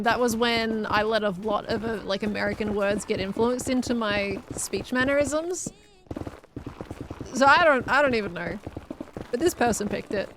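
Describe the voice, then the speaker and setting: An Australian woman from Victoria chatting casually on a gaming live stream, laughing often and answering chat as she plays. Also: on the high side.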